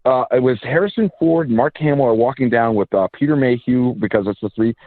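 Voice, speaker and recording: A man chatting as a guest filmmaker, an animated storyteller who tumbles through quick asides and restarts. His voice sits at an ordinary middle pitch and comes through a thin, phone-like line. The sound is dry, with no room around it. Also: no echo. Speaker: independent filmmaker and actor, guest. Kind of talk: casual interview chat.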